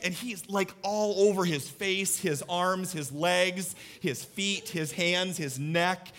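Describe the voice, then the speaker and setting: A man's voice: high-pitched, slow, hardly any pauses, a bit bright. A man in his thirties, a pastor giving a sermon to a live audience in a church, talking conversationally and putting questions to the listeners. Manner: conversational, asks the audience questions, tells family stories.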